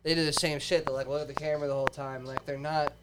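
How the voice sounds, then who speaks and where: A man's voice: on the high side, flat delivery, rapid-fire. A man co-hosting a casual podcast, swearing freely and saying "dude" constantly. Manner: profane, says "dude" constantly. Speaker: podcast co-host. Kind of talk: casual chat. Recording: noisy recording.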